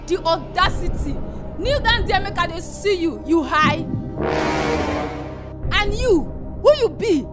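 A woman acting fierce Nigerian wife, very high voice, scolding, loud music behind. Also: expressive, slow, long pauses, heavily acted. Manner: loud, scolding, mixes pidgin and English. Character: fierce hot-tempered wife who bosses her husband. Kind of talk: comedy skit acting.

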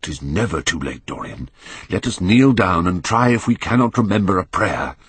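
A man gives voice to a horrified, devout middle-aged painter who pleads and cries out in dismay. The voice is low and husky, recorded close and dry like an audiobook. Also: animated, normal speed, no echo, heavily acted. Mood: pleading. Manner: pleading and aghast, rising to cries. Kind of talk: audiobook character reading.

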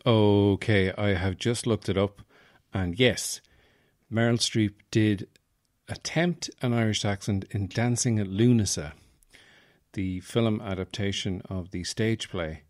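A man's voice: fairly low pitch, slow pace, darkish tone, no room sound, studio quality. A man hosting a podcast in rambling, jokey casual chat. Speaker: podcast host.

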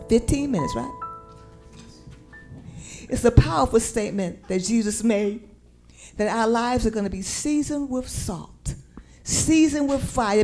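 A woman's voice: fairly high pitch, a little mellow. A woman preacher with a Southern American accent, delivering a sermon and drawing call-and-response from her congregation in church. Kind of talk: sermon with sung lyrics. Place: church sanctuary.

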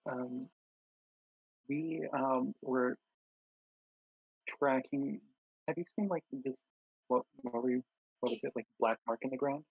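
A man's voice: mid-range voice, slow pace, gravelly, pauses often, husky, no room sound, highs cut off. A man playing a tabletop game who talks hesitantly, with many fillers and restarts. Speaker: player. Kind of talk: casual tabletop gameplay chat.

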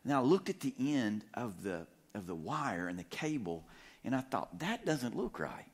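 A male pastor telling a humorous story in a sermon, animated and full of restarts. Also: mid-range voice, normal speed. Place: church sanctuary.

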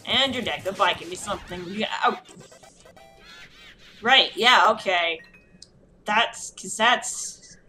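A woman's voice: mid-range voice, slow, long pauses, soft background music. A tipsy woman playing a video game, cursing and grumbling at it in casual commentary. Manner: profane, exasperated, yelling at the game. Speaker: let's play gamer.

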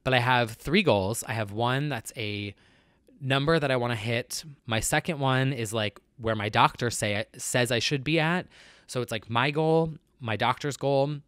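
A man's voice: mid-range voice, unhurried, fairly bright tone, clean tone, dry recording. Earnest nasal man, dry close sound. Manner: earnest and confessional, with many fillers. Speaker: vlogger. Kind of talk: casual personal vlog chat.

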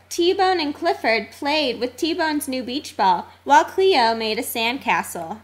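A woman reading a children's storybook aloud, expressive and sing-song. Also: high voice. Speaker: narrator.

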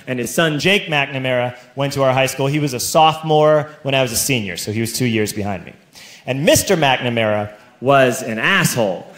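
A man in his thirties telling a stand-up story to a live audience, animated and bursting into fast excited stretches. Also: fairly high pitch. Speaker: stand-up comedian. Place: comedy stage before a live audience. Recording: echoey live stage recording with laughing crowd.

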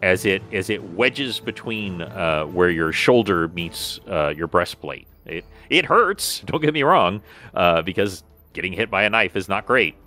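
A low-voiced man runs a tabletop game, his tone bright and forward. He talks in a relaxed way with many fillers and restarts. Faint music plays behind him. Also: unhurried. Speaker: game master.

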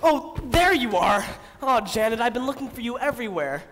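A man's voice: very high voice, expressive, normal speed, fairly bright tone. A man playing an earnest, lovesick young groom. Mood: pleading. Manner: earnest, pleading. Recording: reverberant stage sound.

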